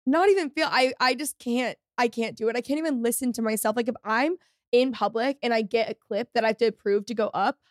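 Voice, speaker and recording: A woman's voice: a little high, brisk, no room sound, studio quality. Giggly woman with a Valley girl accent. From Texas. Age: 20s. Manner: giggly, self-deprecating. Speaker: podcast host. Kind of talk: casual chat.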